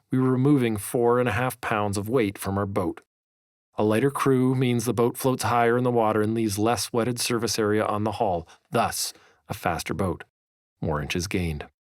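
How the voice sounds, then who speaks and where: A man's voice: on the low side, no room sound. Man narrating a memoir, dry sound. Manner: measured, vivid storytelling. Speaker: author narrating his own audiobook.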